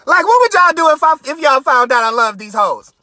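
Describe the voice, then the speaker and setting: High, bright-voiced man ranting in his car. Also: sing-song, brisk, dry recording. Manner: loud, mocking and boastful, swinging his pitch way up in outbursts. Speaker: podcast host. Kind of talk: profane comedic rant.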